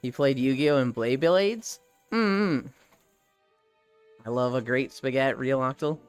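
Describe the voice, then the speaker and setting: Streamer on a walk, rambling chat, smooth and dry, faint music behind. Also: mid-range voice, unhurried, no echo. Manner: rambling, laughing, swears casually. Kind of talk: casual chat with live stream viewers. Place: outdoors walking.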